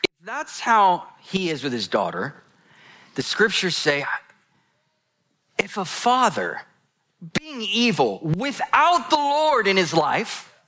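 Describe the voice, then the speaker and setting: A man's voice: sits high, slow pace, long pauses, slight background noise. A man preaching a sermon to a congregation, telling stories with jokes and asides. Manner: animated storytelling, addresses congregation, jokes.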